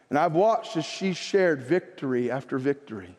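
A man's voice: on the high side, normal speed, a little mellow. A male pastor preaching a sermon, repeating phrases for emphasis and reading scripture aloud in a church sanctuary. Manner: preaching with rising emphasis and repetition, quoting scripture. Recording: long reverb of a church hall.

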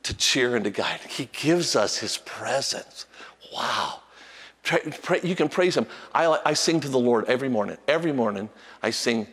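A man's voice: medium pitch, moderate pace, slightly rough. Male pastor preaching in a reverberant church. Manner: animated preaching with frequent restarts, sings softly. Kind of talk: sermon. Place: church sanctuary with long reverb.

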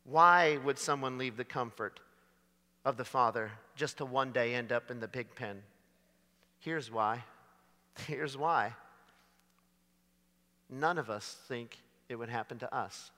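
Bright-voiced preacher in a reverberant hall. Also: male voice, medium pitch, takes it slowly, pauses often. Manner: dramatic, swings from loud to hushed. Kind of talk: sermon.

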